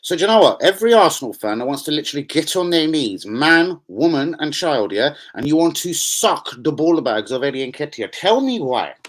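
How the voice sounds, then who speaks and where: A man's voice: fairly high pitch, very animated, brisk, hardly any pauses. Man, furious football fan rant, profane, heated live stream.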